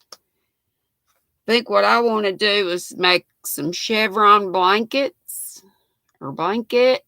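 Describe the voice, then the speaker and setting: An older woman hosting a casual livestream, chatting about yarn and reading comments with easy laughter. Her voice is bright with a gravelly edge, and she takes her time. The sound is dry and close. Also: medium pitch, dry recording. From United States. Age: 60s. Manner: chatty, laughs often, reads comments aloud. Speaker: livestream host reading chat. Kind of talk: casual chat.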